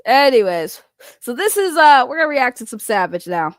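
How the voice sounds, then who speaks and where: A woman's voice: high-pitched, sing-song, moderate pace, dry recording. Rambling, foul-mouthed young female host, dry close sound. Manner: rambling, chatty, swears freely. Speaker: commentary channel host. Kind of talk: casual reaction commentary.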